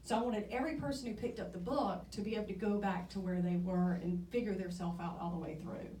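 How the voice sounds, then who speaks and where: A woman's voice: mid-range voice, fast, warm tone, echoey room, far from the mic, slight background noise, poor audio. A woman in her forties giving a candid, conversational personal talk on stage, now and then poking fun at herself. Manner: candid, conversational, self-deprecating. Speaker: speaker. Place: theatre stage.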